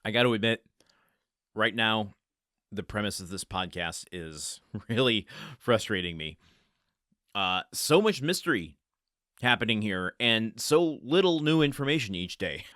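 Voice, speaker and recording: A man hosting a book podcast who reads aloud and then thinks out loud, rambling and interrupting himself. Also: on the low side, animated, unhurried, no echo, studio quality. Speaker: podcast host. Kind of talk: book-reading podcast with commentary.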